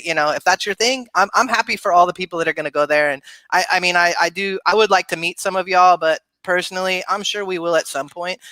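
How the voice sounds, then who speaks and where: A man's voice: a little high, pushed and bright, no room sound. A man speaking as a podcast guest, teasing the others with crude jokes. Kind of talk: casual podcast banter.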